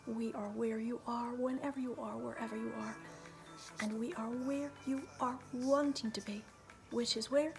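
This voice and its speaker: A woman medium in trance, giving a channeled message as a collective "we" in a slow, hushed, often whispered, repetitive delivery. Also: on the high side, steady tone, vocal fry, music in the background. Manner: speaks as a collective "we".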